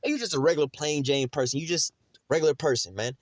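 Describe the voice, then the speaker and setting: A man's voice: fairly high pitch, quick pace, no echo. A man giving casual, rambling commentary on scripture, blunt and full of slang, often saying "whatever, whatnot" and "you see what I'm saying". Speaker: religious teacher.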